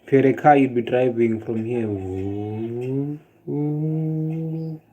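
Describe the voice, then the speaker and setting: A South African man speaks fast at medium pitch in a muffled recording, chatting casually on a livestream. With his South African accent he rants animatedly, swearing, joking with viewers and laughing at chat.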